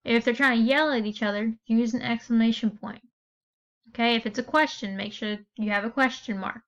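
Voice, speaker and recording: Patient woman teacher, slightly high voice. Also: steady tone, fairly quick, dull audio. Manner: patient, explaining step by step, checking in with "okay?". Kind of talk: recorded classroom lesson.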